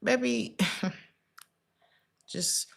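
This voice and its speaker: A woman's voice: on the high side, very slow, vocal fry, slight background noise. Blunt, chatty woman reading tarot. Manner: blunt and chatty, laughing often, calls listeners baby and honey. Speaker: tarot reader. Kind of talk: casual tarot reading to camera.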